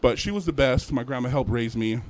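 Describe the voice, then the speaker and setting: A young man performing a stand-up set at an open mic, animated, acting out characters in sudden put-on voices. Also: mid-range voice, fairly quick. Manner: animated, acts out characters with jumps in voice. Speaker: stand-up comedian.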